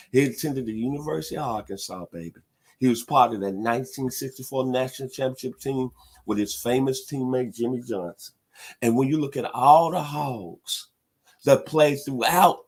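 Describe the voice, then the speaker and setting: A middle-aged man hosting a sports talk show, hyping teams in an animated, preacher-like way. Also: mid-range voice. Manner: animated, preacher-like hype with loud hog calls.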